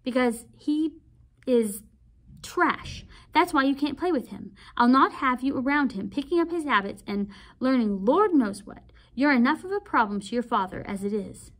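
A woman's voice: sits high, expressive, moderate pace, voice pushed up. A woman reading aloud as a strict middle-aged Southern aunt, firm, clipped and disapproving. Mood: stern.

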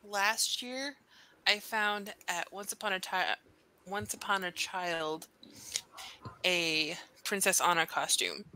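A woman's voice: mid-range voice, slow pace, sharp tone, clear, resonant tone. A woman chatting casually on voice chat, rambling and giggling as she talks. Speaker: streamer and mother.

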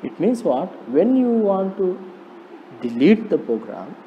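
Male lecturer, Indian English accent, slow and repetitive; dull lo-fi recording with faint hiss. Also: high-pitched, big pitch swings. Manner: slow, repetitive explaining, rhetorical questions. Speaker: polytechnic lecturer. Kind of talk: recorded classroom lecture on programming.

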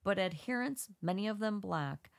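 A woman's voice: mid-range voice, lively intonation, normal speed, gravelly, dry recording, studio quality. A woman co-hosting a podcast with a congested voice, reading an article aloud with small stumbles and brief asides. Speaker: podcast co-host.

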